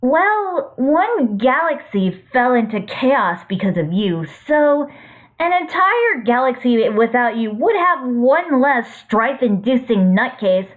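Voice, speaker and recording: A woman's voice: sits high, big pitch swings, slow pace, exaggerated voice. A woman voicing a blunt, sarcastic young heroine. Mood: mocking. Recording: tinny phone-like audio.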